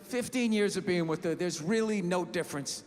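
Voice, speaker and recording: A man doing a stand-up comedy set on stage, ranting loudly with asides to the crowd, through a handheld mic. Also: high voice, normal speed. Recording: live venue, crowd and reverb.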